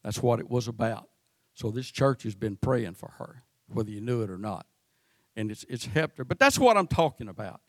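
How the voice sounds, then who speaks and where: A man's voice: medium pitch, lively intonation, no echo, clean studio sound. A man preaching a sermon, stumbling and repeating words as he goes. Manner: halting, repeats words often. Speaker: pastor.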